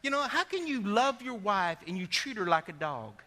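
Recorded in a church sanctuary with long hall reverb, a male pastor delivers a sermon at a moderate pace. He's animated, climbing to shouts and then dropping low.

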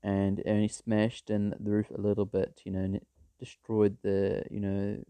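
A man's voice: on the low side, monotone, normal speed, dark tone, smooth, dry recording. A man telling a made-up story in a rambling, casual way, full of fillers and restarts. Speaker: vlogger.

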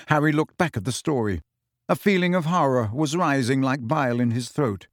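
A man narrating an audiobook with a steady, expressive reading. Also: medium pitch, normal speed, no echo, clean studio sound. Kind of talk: scripted narration.

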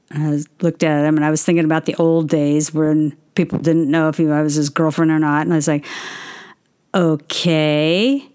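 A middle-aged woman with a low-pitched, fairly even, a little mellow voice speaks at normal speed with a clear, resonant tone. In a casual livestream chat, she tells stories, answers viewers' questions, and interrupts herself as she goes.

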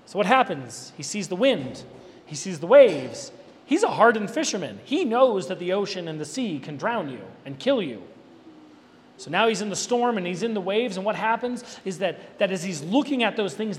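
A man preaching an expository sermon, animated and emphatic, with conversational asides to his listeners. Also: high-pitched. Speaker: pastor. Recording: reverberant hall with faint background noise.

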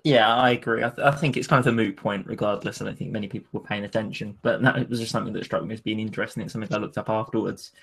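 A man's voice: lowish voice, fairly even intonation, rapid-fire, gravelly, few pauses, fairly bright tone, husky. Man hosting a podcast chat. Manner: conversational interviewer, poses questions, hesitant with ums. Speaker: podcast host. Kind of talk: casual podcast discussion.

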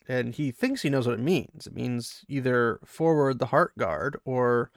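A man with a gravelly, mid-range voice reads a fantasy battle scene aloud, then drops into excited casual commentary for his listeners. The recording is dry and close, with no room sound around him. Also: mid-range voice, measured pace, no echo. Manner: reads the battle with rising intensity, then chats excitedly with fans. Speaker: book reader and commentator. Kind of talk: dramatic reading mixed with casual commentary.

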